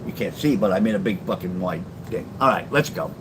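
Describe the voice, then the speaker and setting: A man's voice: low voice, fairly quick, noisy background. An older man, telling blunt, profane street stories on a phone live stream. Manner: blunt and profane, acts out quoted lines loudly. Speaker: live-stream storyteller reading his memoir. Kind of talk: casual storytelling.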